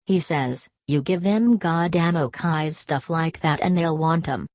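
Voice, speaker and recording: A woman's voice: low-pitched, measured pace, a little mellow, no echo. A woman reading the lines of a tubby, blunt male migrant who tells stories in a folksy drawl.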